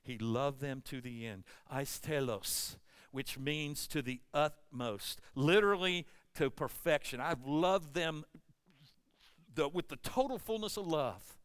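A man preaching a sermon with passion, his delivery swinging between hushed, intense passages and loud, emphatic ones. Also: on the high side, slow pace, clean tone.

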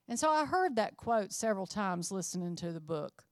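A woman's voice: medium pitch, very animated, moderate pace, hardly any pauses, no echo, studio quality. A middle-aged woman preaching a sermon, earnest and emphatic, building her phrases up to rises.

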